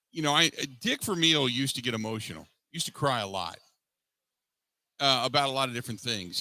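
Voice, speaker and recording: Forceful, bright-voiced sports radio host man. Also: on the high side, rough recording. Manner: emphatic, repeats himself, restarts often. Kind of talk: post-game call-in show.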